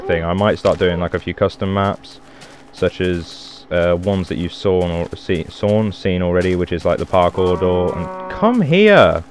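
A man's voice: low voice, darkish tone. A man giving casual, rambling gameplay commentary, joking and swearing as he plays. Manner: rambling, jokey, swears and exclaims. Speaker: Minecraft let's player.

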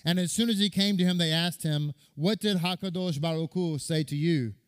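A man's voice: a little high, normal speed, clean tone. A man, a rabbi, giving a sermon that retells a midrash, reading and quoting scripture and repeating words for stress.

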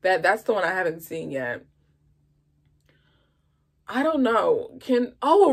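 A woman talks through a movie review in a loose, chatty vlog style, full of expressive asides. She speaks slowly and lets her words stretch out. Her voice has a gravelly, fry-touched edge. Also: mid-range voice.

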